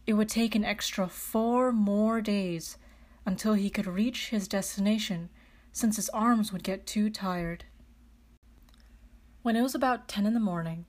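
A woman narrates a children's tale in a calm, steady read-aloud voice. Her pitch sits in the middle of the usual range. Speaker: storyteller. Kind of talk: storybook reading.

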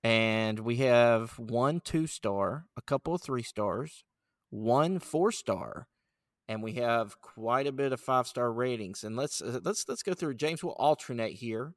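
A man hosting a casual podcast chat, relaxed and laughing easily. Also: medium pitch, measured pace, dry recording, clean studio sound. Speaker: podcast host.

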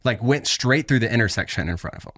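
A man's voice: fast talker, gravelly, husky, no echo, clean studio sound. A man co-hosting a casual sports podcast, telling stories with growing animation. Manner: animated storyteller, rising pitch when worked up. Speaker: podcast co-host.

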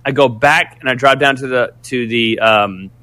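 A man casually telling a story, animated and profane, rambling with restarts. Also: medium pitch, normal speed.

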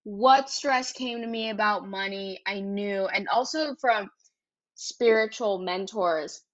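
A podcast host in her twenties, her medium-pitched voice slow and the sound lo-fi, recounts a personal story. Her style is frank and chatty, full of swearing and sentence tags like "like" and "right?"

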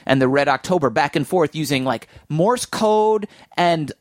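Podcast host, male, a touch high, chatty and keen, dry close-miked sound. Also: lively intonation, moderate pace, no echo. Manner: chatty and enthusiastic, thinking aloud. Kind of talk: casual film discussion.

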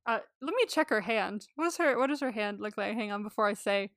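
This is studio-quality audio with no room sound: a young female podcast co-host chats casually, gushing, laughing a lot and cursing freely. Her voice is mid-range, expressive, a bit bright, and a little fast.

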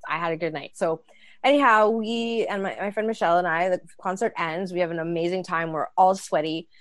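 Woman in her 30s telling a story, lively, acts out the voices, dry sound. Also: on the low side, brisk, no echo. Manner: animated, acts out dialogue. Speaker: storyteller guest. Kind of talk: casual storytelling.

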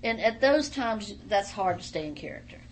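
A middle-aged woman talks animatedly in a radio studio, telling her stories with emphatic, punchy delivery at an ordinary pitch. A faint noise sits under her voice. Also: expressive, normal speed. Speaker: guest, former wrestler. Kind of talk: casual radio interview storytelling.

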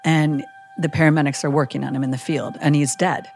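A woman chaplain telling a vivid story in a casual podcast chat, animated and full of "like" and "you know". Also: sits low, a little fast, vocal fry, faint music behind.

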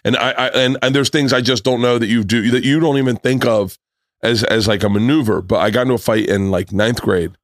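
A middle-aged man from the United States telling animated stories in casual chat, acting out the people he quotes. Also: medium pitch, fairly quick, no room sound, clean studio sound. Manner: animated storyteller, acts out quotes in raised voice.

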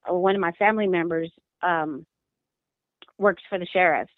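A woman's voice: on the low side, steady tone, no echo. Distressed woman on a tinny phone line. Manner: halting, repeats words, distressed. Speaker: mother of a missing daughter, interviewee. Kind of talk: emotional interview account.

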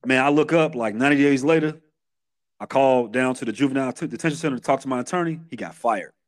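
A man's voice: mid-range voice, fast. Streetwise Chicago man telling his story. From Chicago, USA. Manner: streetwise, animated retelling with repeated restarts. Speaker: podcast guest. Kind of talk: candid storytelling interview.

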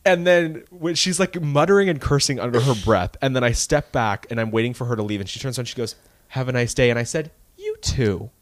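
A man's voice: mid-range voice, fast, few pauses, no echo. A man co-hosting a podcast, telling stories in casual chat and acting out the people in them. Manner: animated storytelling with quoted voices. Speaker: podcast co-host.

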